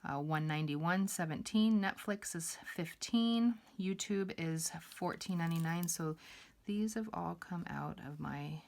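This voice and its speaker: Chatty low-voiced young woman vlogger. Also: measured pace, a little mellow, a little hiss or hum. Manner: chatty, rambling, many fillers and asides. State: out of breath. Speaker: budgeting vlogger. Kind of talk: casual chat while budgeting on camera.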